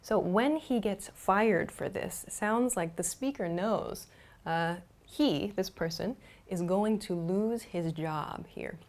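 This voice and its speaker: A woman's voice: medium pitch, slow pace, darkish tone. Woman teaching English grammar patiently. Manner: patient, clear explaining with fillers. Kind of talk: explanatory grammar lesson.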